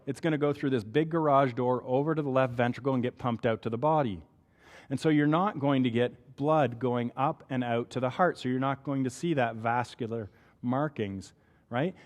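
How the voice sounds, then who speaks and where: A man with a Canadian accent giving a conversational medical lecture, often checking in with "right?". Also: medium pitch. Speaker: physician lecturer. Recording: long hall reverb.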